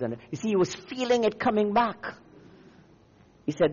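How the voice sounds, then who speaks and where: A man's voice: on the high side, very animated, moderate pace, darkish tone, slightly rough, long reverb tail, highs cut off. A man from Namibia preaching a fiery, declamatory sermon as a visiting preacher. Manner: fiery, declamatory, rising and falling.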